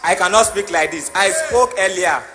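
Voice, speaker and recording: A congregation member, a man, speaking haltingly and repeating himself as he gives testimony. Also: sits high. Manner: halting, repetitive speech. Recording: live crowd and music around.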